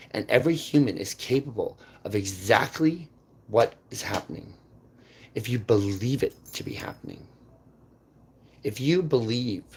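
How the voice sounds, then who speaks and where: A man delivering an intense, rambling monologue that jumps between topics, repeats words and swings sharply in loudness. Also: lowish voice, breathy edge. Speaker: channel host. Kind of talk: rambling unscripted monologue to camera.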